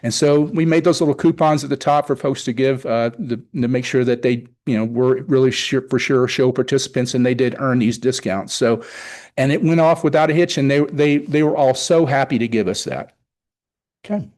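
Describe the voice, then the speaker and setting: A man's voice: medium pitch, normal speed, a little mellow. A middle-aged man giving an enthusiastic, rambling report at a public meeting, often retelling conversations. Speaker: car show organizer presenting to town board.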